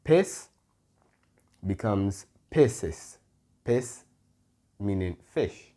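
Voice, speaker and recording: A man teaching a Spanish grammar lesson, patient and careful, often pausing with "mm-hmm" and correcting himself. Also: deep voice, dark tone. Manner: patient, stops to self-correct, frequent "mm-hmm" fillers. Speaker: Spanish tutor.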